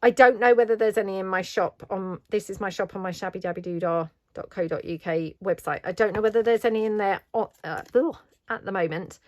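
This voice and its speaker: A woman's voice: mid-range voice, fairly quick, no room sound. A middle-aged British woman chatting casually while she crafts, rambling and self-deprecating. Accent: British English. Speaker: craft vlogger.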